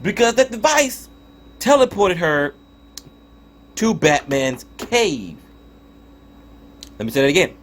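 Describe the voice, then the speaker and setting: Lively, profane man ranting in a review. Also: high voice, slow pace, pauses often, slight background noise. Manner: profane, exasperated ranting with frequent restarts. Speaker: TV show reviewer. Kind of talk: casual spoken review.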